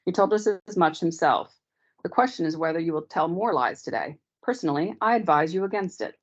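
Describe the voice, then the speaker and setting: Woman voicing a self-important male officer, polite, grave, low, dull lo-fi audio. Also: animated, fairly quick. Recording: dull lo-fi online meeting audio.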